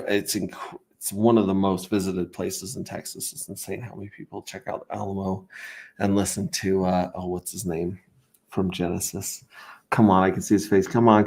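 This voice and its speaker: A low-voiced man with a gravelly edge chats loosely through a livestream. He wanders between thoughts, restarts sentences and drops wry asides as he goes. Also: a little mellow. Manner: rambling, self-interrupting, wry asides. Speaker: crypto livestream host. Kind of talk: casual livestream commentary.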